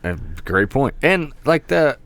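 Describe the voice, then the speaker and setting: A man's voice: medium pitch, measured pace, no echo. A man co-hosting a casual podcast, swearing freely and laughing as he tells stories animatedly. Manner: profane, animated storyteller, laughs often. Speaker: podcast co-host. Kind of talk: casual chat.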